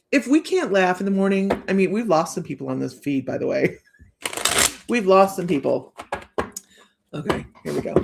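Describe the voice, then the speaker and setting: A woman's voice: medium pitch, creaky, noisy background. A woman hosting a live psychic reading stream, chatting casually and joking, laughing often between lines. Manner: chatty, with frequent restarts.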